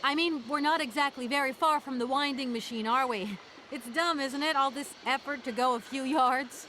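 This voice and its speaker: A sharp young lawyer heroine. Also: female voice, high-pitched, a little hiss or hum. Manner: poised, brisk and sharp-tongued. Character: ambitious young New York lawyer woman. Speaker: game protagonist. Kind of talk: video game voice acting.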